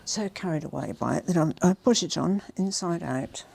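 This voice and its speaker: A woman vlogger presenting a haul in a casual, gushing and emotional way, often dropping to soft whispers. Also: lowish voice, moderate pace, vocal fry, breathy edge. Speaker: fashion vlogger.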